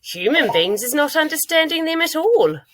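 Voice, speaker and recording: A woman's voice: high voice, big pitch swings, moderate pace, background noise, pitched above the performer's own voice. A woman reading aloud as a big, friendly old male giant who mangles his grammar. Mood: gentle. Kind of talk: reading a children's book aloud.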